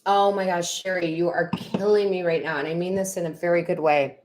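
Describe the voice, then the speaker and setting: A woman's voice: lowish voice, fairly even intonation, brisk, a little mellow. A middle-aged woman, chatting casually on a live stream as a tarot reader and medium, reading viewers' comments aloud, laughing and getting emotional.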